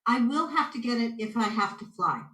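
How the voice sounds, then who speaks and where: Canadian woman, bright voice, slightly high, chatty storyteller, echoey room. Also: brisk. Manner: animated storyteller, acts out quotes. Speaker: guest intuitive. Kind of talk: casual interview chat.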